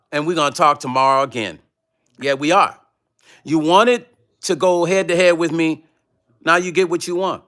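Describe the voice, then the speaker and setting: A man's voice: on the high side, pushed and bright. A man hosting his own livestream, ranting confrontationally and profanely at a rival, reading chat comments aloud. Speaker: vlog host reading live chat. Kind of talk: heated livestream rant.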